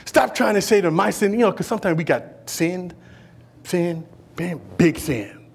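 A man preaching a sermon as pastor, animated and folksy, swinging between loud and hushed delivery with playful asides to the congregation. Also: high-pitched, normal speed, gravelly, slightly rough.

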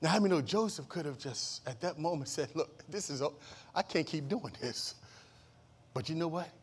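Guy preaching a sermon, pretty high voice, gets loud then drops real quiet, keeps asking for amen. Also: lively intonation, normal speed, slightly rough. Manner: swings between loud exclamations and low hushed asides; repeats and restarts phrases, calls for amen. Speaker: pastor.

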